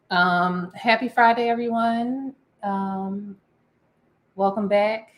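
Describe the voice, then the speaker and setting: A woman's voice: a little high, lively intonation, moderate pace, slight background noise. A middle-aged woman co-hosting a casual podcast chat, playful, laughing often and filling her talk with ums. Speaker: podcast co-host.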